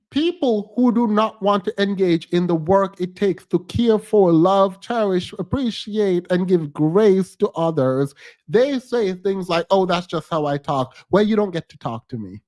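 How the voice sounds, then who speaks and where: A man's voice: high-pitched, animated, measured pace, darkish tone. A man giving blunt, emphatic reaction commentary on a podcast clip as a streamer.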